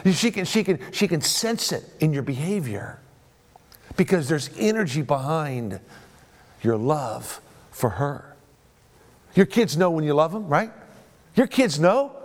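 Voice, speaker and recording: Middle-aged male pastor preaching with emphatic repetition. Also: high voice. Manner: preaching with rising emphasis, repeating phrases and asking "right?". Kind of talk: sermon.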